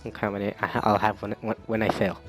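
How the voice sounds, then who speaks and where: Excitable young gamer stammering over his play. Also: lowish voice, fast talker, soft background music. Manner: excitable, stammering and repeating himself. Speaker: gaming video creator. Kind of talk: casual let's-play commentary.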